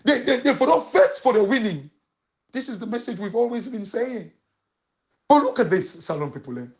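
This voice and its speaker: A woman's voice: a little high, sing-song, moderate pace. A woman from Sierra Leone with a Krio accent, giving emphatic political commentary full of rhetorical questions and switching between Krio and English.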